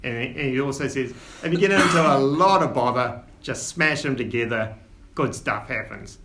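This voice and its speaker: A man voicing a gruff older male dwarf father with a mock Cockney accent, bluff and chummy. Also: medium pitch, moderate pace, background noise, lightly acted. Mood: jovial. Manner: bluff, chummy, ends lines with "Gov".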